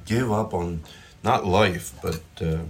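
Deep-voiced guy, casual rambling food chat at home, phone mic, light room ambience. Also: slow, a little hiss or hum. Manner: rambling, self-interrupting, jokey. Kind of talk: casual food chat while cooking and eating. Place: home kitchen. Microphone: phone propped up.

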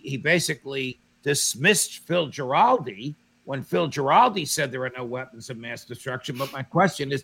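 A man's voice: on the high side, creaky. A man hosting an online roundtable, telling anecdotes with energy and putting pointed questions to his guests over a remote call. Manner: storytelling, animated, asks pointed questions. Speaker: show host. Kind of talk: roundtable discussion.

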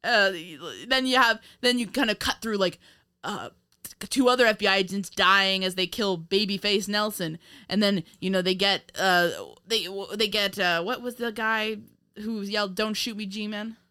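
Woman podcast co-host, bright tone, rambling and giggly film chat. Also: medium pitch, steady tone, moderate pace, clean tone. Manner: rambling, laughs often, many fillers and restarts. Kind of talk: casual film review chat.

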